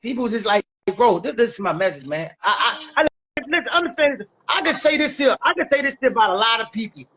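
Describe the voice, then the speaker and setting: A man's voice: very high-pitched, animated, fast talker, sharp tone, slightly rough, poor audio. A man with a Washington, D.C. accent, speaking emphatically as an interview guest, repeating phrases and using heavy street slang. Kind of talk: casual interview talk.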